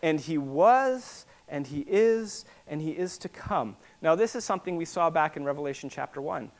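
A man preaching a sermon, explaining in a teaching way and repeating words for emphasis, sometimes rising to forceful declarations. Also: on the high side, a little fast.

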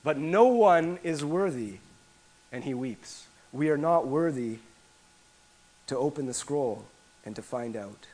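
A man preaching a sermon, his voice sitting a little high for a man. He drops to near-hushed lines, then rises to emphatic repetition, often restarting a phrase before pushing on. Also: animated, slow, long pauses, rough recording. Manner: dramatic swings between hushed and emphatic; repeats phrases, frequent restarts. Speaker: pastor.

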